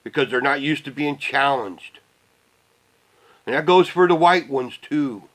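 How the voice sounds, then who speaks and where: A middle-aged man ranting casually to the camera, rambling and swearing, often trailing off into low mutters. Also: unhurried, fairly bright tone, low-quality recording. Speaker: vlogger.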